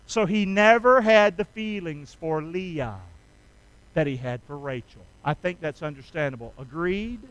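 A middle-aged man preaching a sermon, calling on the congregation to repeat lines with him and rising loud on key phrases. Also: on the high side, measured pace, clean tone, no room sound, highs cut off. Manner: call-and-response preaching, asks congregation to repeat. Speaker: pastor.

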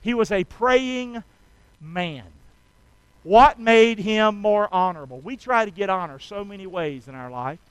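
A man's voice: high voice, animated, a little slow, smooth, dry recording, low-quality recording. A man preaching a sermon, folksy and full of rhetorical questions to the congregation. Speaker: pastor.

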